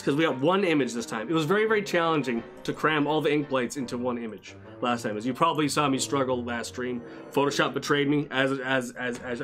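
Upbeat male artist host, rambling stream patter over faint background music, average pitch. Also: fairly bright tone. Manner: upbeat, rambling, repeats phrases, greets chat. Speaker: artist hosting a drawing stream. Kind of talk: casual live-stream chat while sketching.

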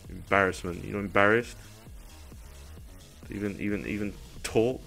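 Irritated, swearing streamer, bright voice. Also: male voice, fairly low pitch, normal speed, vocal fry, long pauses, soft background music. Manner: irritated, profane ranting. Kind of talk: livestream chat to viewers.

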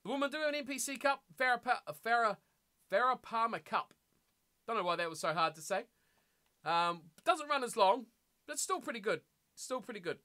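A young man commentating a rugby video game live and chatting with viewers, excitable and laughing often. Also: very high-pitched, fairly quick. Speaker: game streamer.

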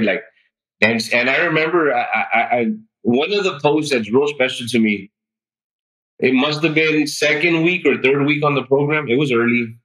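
A man on a podcast, telling his weight loss story in an animated, chatty way and peppering it with "like" and "dude". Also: medium pitch, normal speed, poor audio. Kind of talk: casual interview storytelling.

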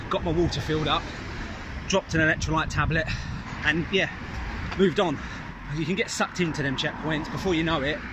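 A man catches his breath as he talks into a phone outdoors, his voice pitched a touch high. Traffic and street noise come through clearly around him. He sounds tired and dehydrated but keeps a chatty, self-mocking tone. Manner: breathless, chatty, self-deprecating while running. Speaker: vlogger filming himself on a long run. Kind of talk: casual on-the-go vlog. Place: outdoors on city streets in hot sun. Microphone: phone held while running.

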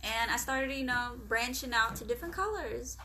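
Bright-voiced flirty woman on a livestream. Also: on the high side, normal speed, a little hiss or hum. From Philippines. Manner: flirty and teasing, often dropping to a hushed voice. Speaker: livestream host. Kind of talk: casual live-stream chat, reading comments aloud.

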